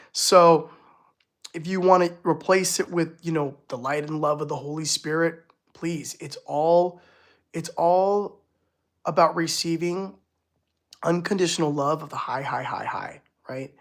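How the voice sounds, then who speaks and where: An excitable spiritual healer chatting casually on a home live stream. The voice sits at a middle pitch and gushes with exclamations and laughter. Sentences stop and restart often, full of filler words.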